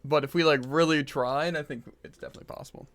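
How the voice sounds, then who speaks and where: A man's voice: fairly high pitch, fairly even intonation, fast, fairly bright tone. A man streaming a game who is losing his voice, chatting casually and rambling with lots of fillers into a desk microphone at home. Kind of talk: casual gaming chat. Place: hot room at home.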